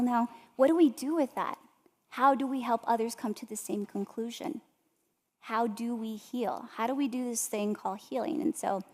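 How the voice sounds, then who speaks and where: A woman's voice: on the high side, darkish tone. A woman giving an inspirational talk and telling stories straight to her audience. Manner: storytelling, addresses the audience directly. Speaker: motivational speaker. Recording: long hall reverb.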